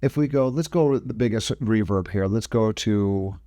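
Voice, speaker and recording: A man's voice: on the low side, normal speed, warm tone, dry recording, studio quality. A man teaching video editing in a casual, step-by-step screen-recorded tutorial, often correcting himself mid-sentence. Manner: casual step-by-step explaining, frequent self-corrections.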